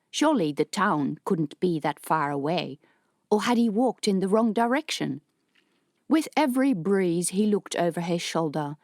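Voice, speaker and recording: A woman narrating an audiobook in a steady, measured reading voice. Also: lowish voice, dry recording, clean studio sound. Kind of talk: scripted narration.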